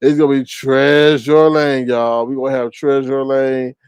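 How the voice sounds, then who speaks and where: A man's voice: flat delivery, unhurried, a little mellow, clear, resonant tone, no echo. A man hosting a livestream, roasting people in a sassy, theatrical way. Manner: sassy, theatrical, swings pitch. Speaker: livestream host. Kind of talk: casual roast commentary.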